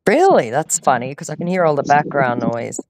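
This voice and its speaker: Sarcastic low-voiced woman scolding a scammer. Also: big pitch swings, fairly quick, darkish tone, dry recording, clean studio sound. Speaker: scam baiter. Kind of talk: phone call, confronting a scammer.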